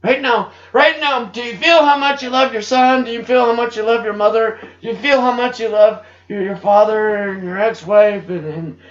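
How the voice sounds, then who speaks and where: A man's voice: high voice, fairly even intonation, normal speed, few pauses, pitched above the performer's own voice, lightly acted. A man voicing a loving divine figure who speaks tenderly, asking question after question in a raised, pleading voice. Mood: tender urging. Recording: dull roomy home recording.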